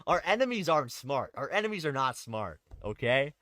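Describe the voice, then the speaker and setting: A man's voice: medium pitch, very animated, a little fast, few pauses, fairly bright tone, no echo. A man hosting an online political commentary show, reading articles aloud with sarcastic, rambling asides. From Canada. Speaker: host.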